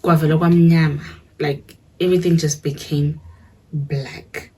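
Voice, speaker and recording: South african woman telling a story, low and super husky, mixes english and zulu. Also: steady tone, unhurried, a little mellow, rough recording. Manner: switches between English and isiZulu, asks listeners to follow along. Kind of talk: casual storytime.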